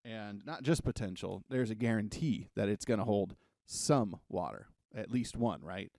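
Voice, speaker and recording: A man's voice: on the low side, lively intonation, moderate pace, dark tone, dry recording, clean studio sound. A man giving a casual, joking coding lesson at a whiteboard, rambling into self-deprecating asides and sounding a little out of breath. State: a bit out of breath. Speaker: coding tutor.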